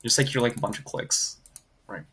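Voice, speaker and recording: A man's voice: medium pitch, normal speed, sharp tone, slight background noise. A man chatting casually on a livestream, rambling with many filler words and reading comments aloud. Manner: rambling, heavy on "like" fillers, reads chat aloud. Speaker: streamer graphing in Desmos.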